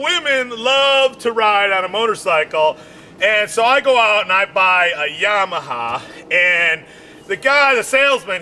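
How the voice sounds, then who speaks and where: A man doing a stand-up comedy routine, rambling with constant fillers and shouting his punchlines. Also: extremely high pitch, slight background noise.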